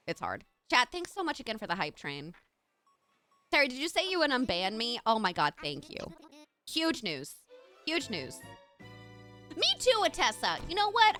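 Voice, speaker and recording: A woman's voice: a little high, sharp tone. A woman streamer chatting casually with her live chat while playing a game. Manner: chatty, bubbly, talks to chat.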